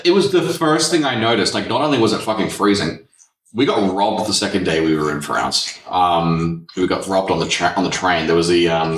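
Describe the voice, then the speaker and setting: In a low, slightly bright voice, a podcast host chats casually and tells relaxed stories peppered with swearing. The mic is distant and the room echoes.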